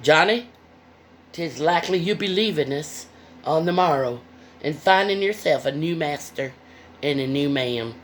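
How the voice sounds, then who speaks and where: A woman reading aloud as a gruff, grumbling old farmer in a storybook. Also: sits low, expressive, a little slow, slight background noise. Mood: stern. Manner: grumbling, old-fashioned speech.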